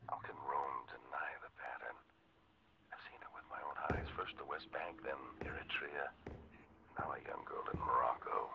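An actor playing a grave male clergyman in a game, in whispered role-play with a hushed, gravelly whisper. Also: a bass voice, steady tone, moderate pace, very noisy. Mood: urgent. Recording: dull lo-fi game audio.

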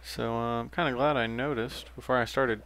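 A man's voice: mid-range voice, steady tone, moderate pace, a bit bright. A young man giving casual, rambling commentary while playing a game, with frequent fillers and self-corrections. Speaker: let's play gamer.

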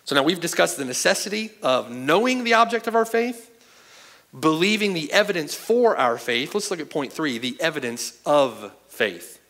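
Animated high-pitched man preaching a sermon. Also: normal speed. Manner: emphatic, asks the hearers "right?" and "okay?" often. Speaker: pastor. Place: church sanctuary.

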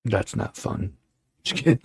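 A man's voice: measured pace, crowd noise. A man hosting a casual livestream show, rambling and joking with lots of fillers. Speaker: show host.

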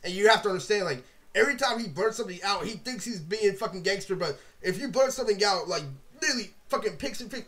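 A man's voice: high-pitched, animated, fast talker, a bit bright. A young man vlogging a rambling, profanity-heavy rant to camera, full of 'like' and 'literally'. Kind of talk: ranting monologue to camera.

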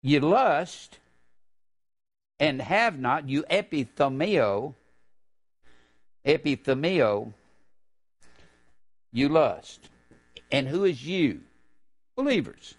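An older man delivers a fervent sermon with lively intonation, stretching key phrases out slowly before erupting into sudden loud, high-pitched outbursts.

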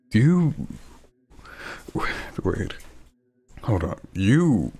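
Let's-play man, low and gravelly, slow husky wisecracks. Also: darkish tone. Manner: joking, wry, muttering asides. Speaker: gamer playing a horror game.

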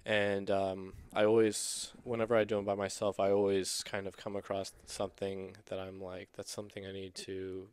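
A man with a low, smooth and resonant voice talks earnestly as a podcast guest. He speaks in a reflective, halting way, full of "um"s and restarts. The sound is dry and close, with no room around it. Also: monotone, no room sound. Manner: halting, with many fillers and restarts. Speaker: guest, stand-up comedian. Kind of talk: casual podcast conversation.

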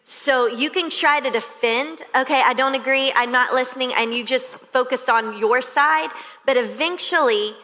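A female pastor preaches earnestly, building her points through repetition. Her voice is bright and set slightly high. The long reverb of a large church hall trails each phrase. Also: moderate pace, few pauses. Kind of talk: sermon. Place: church stage.

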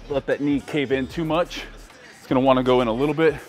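A man's voice: mid-range voice, steady tone, fast, darkish tone. A man vlogging casually through a tiring leg workout at the gym, joking at his own expense. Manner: joking, self-mocking. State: tired, worn out from training. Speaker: fitness vlogger. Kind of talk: casual vlog chat during a workout.

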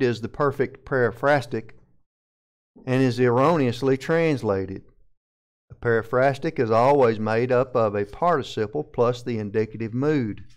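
A man with a Southern American accent, teaching a sermon verse by verse and methodically explaining Greek grammar term by term. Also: medium pitch. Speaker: pastor.

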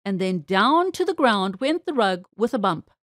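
A woman narrating a children's book aloud with expressive, sing-song storytelling. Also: mid-range voice, moderate pace, dry recording, studio quality.

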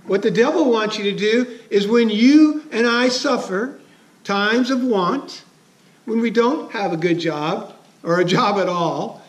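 A man preaching a sermon as a pastor, conversational and chuckling, asking his listeners questions. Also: high-pitched.

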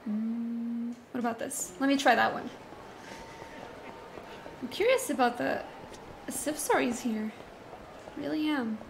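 A young woman giving chatty, excitable commentary while streaming a game, often laughing. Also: on the high side, slow, vocal fry, pauses often, a little hiss or hum. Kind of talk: casual let's-play commentary.

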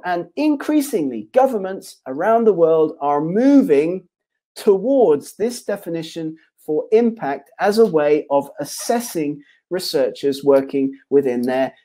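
A man presents a webinar to researchers over a desk mic, with a mellow, warm tone. He builds his points in repeated runs of phrases, restating each idea a few ways. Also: fairly high pitch.

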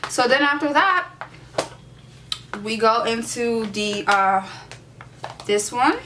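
A woman's voice: on the high side, lively intonation, slow, noisy background. A young woman doing a casual makeup tutorial, sassy and playfully profane, hyping herself up as she works. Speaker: beauty vlogger.

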